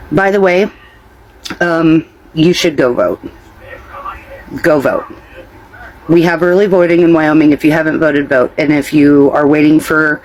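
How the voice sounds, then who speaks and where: A man talking casually to camera in an earnest, halting way, urging viewers to go and vote. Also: a little high, slight background noise, low-quality recording.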